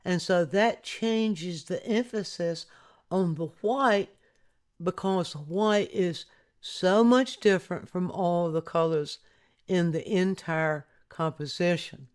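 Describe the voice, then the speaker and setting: Slow, patient art instructor narrating. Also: mid-range voice, clear, resonant tone. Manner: patient, explanatory, prompts viewer to look closely.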